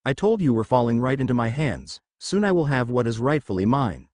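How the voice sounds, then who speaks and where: A man's voice: medium pitch, sing-song, a little fast, a little mellow, dry recording, clean studio sound. A man voicing a scheming male villain who taunts and hisses, in a storybook reading. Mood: taunting. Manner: taunting, hissing.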